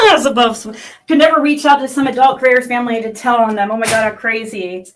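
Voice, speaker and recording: A middle-aged woman vlogger reacting to online critics in a heated, profane rant, swinging between muttering and yelling. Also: a little high, expressive, fairly quick.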